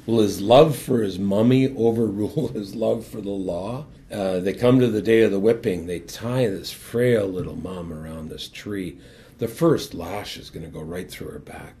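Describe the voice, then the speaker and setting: An older man, a former hockey captain, telling his personal faith story as a guest in an earnest, animated way and then leading a prayer. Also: lowish voice, moderate pace.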